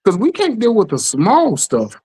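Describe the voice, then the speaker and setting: A middle-aged man hosts a casual podcast chat. He tells his stories in a lively way, acts out what other people said, and keeps checking that the listener is following. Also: high-pitched, moderate pace, slightly rough, rough recording. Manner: animated storytelling, acts out quotes, keeps asking "you know what I'm saying". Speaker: podcast host.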